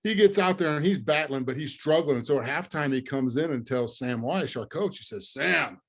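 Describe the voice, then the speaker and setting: A man in his fifties, a former football lineman, telling lively stories in an interview, often laughing and trailing into fillers. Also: a little high, brisk, slightly rough. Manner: lively storyteller, laughs through punchlines, many fillers. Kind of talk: storytelling interview.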